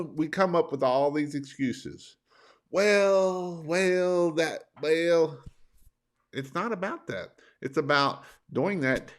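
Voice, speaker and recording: A business coach from Northern Kentucky, USA, gives a motivational live-stream talk in a folksy, rambling, plain-spoken way. His voice is a little high and a bit bright, and he has a sore throat.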